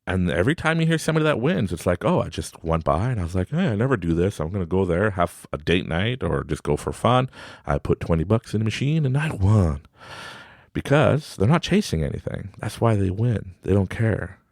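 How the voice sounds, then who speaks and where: At a normal speed, a thirty-something Canadian man hosting a podcast tells a family story in an easygoing, animated style, giggling as he plays his son in a high voice. The studio sound is clean, with no room sound.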